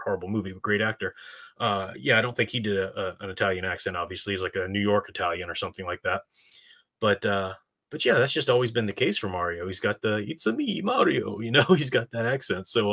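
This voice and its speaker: A man with a bright, forceful voice that sits a little low, rambling through an opinionated live-stream chat. He stops and restarts his sentences often, then lands on blunt points and turns to his viewers for answers. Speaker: streamer host reading chat.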